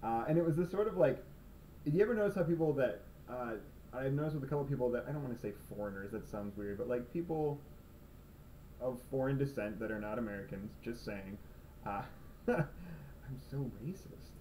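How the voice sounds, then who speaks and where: A man's voice: mid-range voice, expressive, a little fast, dark tone. A young man telling comic stories in his own video blog, rambling and sarcastic, self-mocking, filmed in his room at night. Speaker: video blogger. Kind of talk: comedic monologue vlog. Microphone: cheap camera's built-in mic. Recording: slightly distant camera mic, faint room noise.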